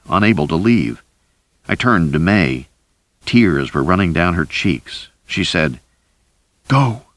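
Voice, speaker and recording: Deep-voiced man narrating a thriller. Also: no room sound. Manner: deep, steady, lively delivery. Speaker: audiobook narrator. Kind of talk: scripted first-person narration.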